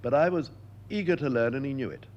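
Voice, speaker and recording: An older man being interviewed, telling lively stories and acting out the voices he quotes. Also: mid-range voice, fast talker, dull audio, slight background noise. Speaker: interviewed actor. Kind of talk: anecdotal interview talk.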